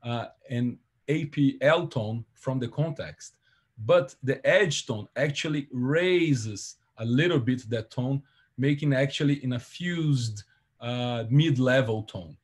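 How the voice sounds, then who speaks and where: This seminar presenter speaks at a medium pitch, his voice carrying a husky edge. His academic explanation is careful, with pauses on fillers and self-corrections along the way.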